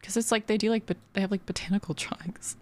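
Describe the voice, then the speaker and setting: A woman's voice: mid-range voice, fairly even intonation, fast talker, darkish tone. A woman streamer chatting casually while building in a game, giggly and full of fillers. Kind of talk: casual gaming stream chat.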